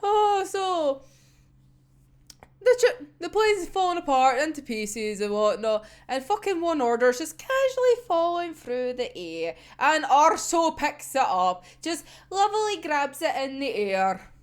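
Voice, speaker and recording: Woman, high-pitched, very lively intonation, sweary, laughs a lot, casual episode recap. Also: a little slow. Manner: animated, sweary, laughs often. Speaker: anime episode reviewer.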